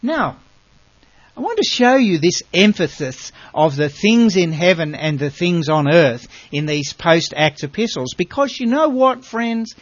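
A man's voice: sits high, dry recording, muffled recording. Emphatic man teaching a Bible lesson. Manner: earnest, emphatic, asks rhetorical questions.

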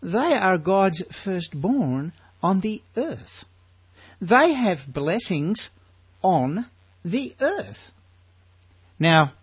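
Animated older Australian preacher. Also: male voice, fairly high pitch, husky, no room sound, muffled recording. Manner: animated, rhetorical questions, drawn-out emphasis. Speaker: Bible teacher. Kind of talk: sermon.

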